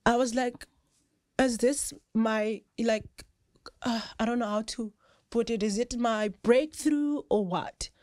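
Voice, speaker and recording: South african lady on a podcast, kinda high voice, chatty storyteller, laughs a lot, dry close mic. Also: takes it slowly, no room sound. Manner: lively storyteller, often breaks into laughter. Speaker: podcast guest, rugby player. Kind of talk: casual storytelling chat.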